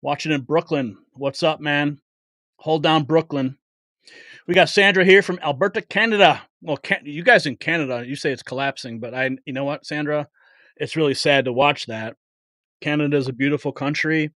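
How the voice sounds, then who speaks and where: A man's voice: a little high, moderate pace, a bit bright, no echo, studio quality. A man hosting a live political stream, chatting casually, greeting viewers by name and getting emphatic about the stakes. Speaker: political livestream host.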